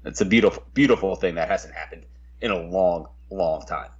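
Husky low-voiced man chatting sports. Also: brisk, dull audio. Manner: hesitant, repeats words when starting sentences. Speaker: podcast co-host. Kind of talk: casual sports chat.

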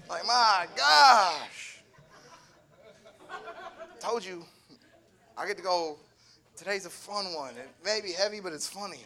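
A young man giving a sermon, humorous and animated, acting out little voices in his asides. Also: high-pitched, moderate pace, long pauses. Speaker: preacher.

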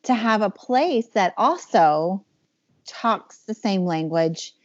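A woman with a medium-pitched, lively voice speaks slowly, and there's no echo. As a podcast host she asks casual interview questions in a thoughtful, meandering way, using fillers. The podcast audio sounds dull and slightly muffled.

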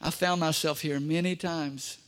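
A man's voice: fairly high pitch, steady tone, measured pace, fairly bright tone. A man preaching a sermon as pastor, emphatic, repeating key phrases and speaking straight to the congregation.

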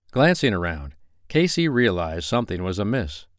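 A man narrating a romance novel chapter in a steady, even reading. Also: on the low side, normal speed, clear, resonant tone, no echo, studio quality. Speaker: audiobook narrator. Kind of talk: scripted narration.

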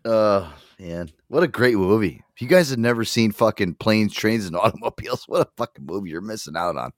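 A man's voice: lowish voice, animated, fairly quick, no echo, studio quality. A young man hosting a casual podcast chat, rambling, laughing and swearing often. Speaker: podcast host.

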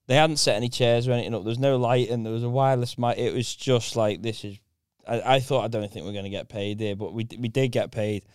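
A man chatting with friends, telling a slangy story and laughing through it. His voice is smooth and clear. It sits close and dry on the mic. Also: mid-range voice, fairly even intonation, quick pace, hardly any pauses, dry recording. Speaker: stand-up comedian. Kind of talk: casual chat, storytelling anecdotes.

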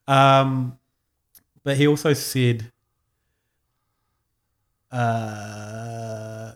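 A man with a New Zealand accent co-hosting a casual podcast, rambling with frequent laughs. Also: mid-range voice. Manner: rambling, laughs often, many fillers. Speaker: podcast co-host. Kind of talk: casual chat.

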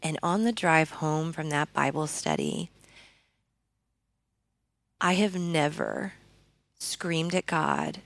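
Earnest low-voiced woman, gravelly edge. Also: sing-song, slow pace, pauses often, no echo. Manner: earnest, frequent fillers and restarts. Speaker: podcast guest. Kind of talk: personal testimony in a conversation.

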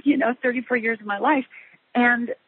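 A middle-aged woman speaks as a guest in an interview, and her voice sounds husky. She talks haltingly, restarting and filling gaps. The sound comes through a narrow, tinny phone line. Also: fairly high pitch, steady tone. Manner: halting, many restarts and fillers. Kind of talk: telling a personal story in an interview.

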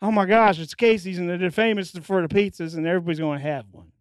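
An excitable small-town dad, as a man puts him on, gushing breathlessly about a local eatery. The voice rides high and gets loud on each exclamation, with a smooth, clean tone. The sound is dry and close. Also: fast, no room sound, natural voice. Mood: excited.

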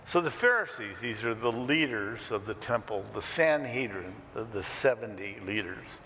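A pastor preaching a sermon in an animated, conversational way with joking asides. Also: male voice, medium pitch, normal speed, big-room sound, slight background noise. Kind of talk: expressive sermon teaching.

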